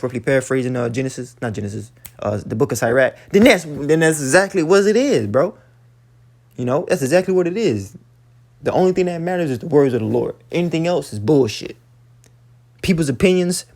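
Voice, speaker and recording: A man's voice: medium pitch, vocal fry, darkish tone. A man giving a blunt, profane casual rant as an online commentator, stumbling and repeating words, citing scripture. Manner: blunt, emphatic, swears often, repeats words; preachy, cites scripture. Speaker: online commentator reading news.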